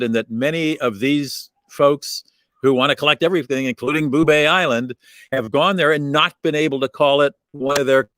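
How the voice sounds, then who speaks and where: Male radio host, mid pitch, dry close sound, measured interviewer. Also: fairly bright tone, dry recording. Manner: thoughtful, measured, with fillers. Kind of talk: interview questions and recaps.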